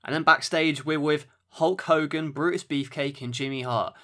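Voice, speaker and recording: A man co-hosting a casual wrestling podcast, excitable and keeping the talk moving. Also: a little high, moderate pace. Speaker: podcast co-host. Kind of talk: casual chat.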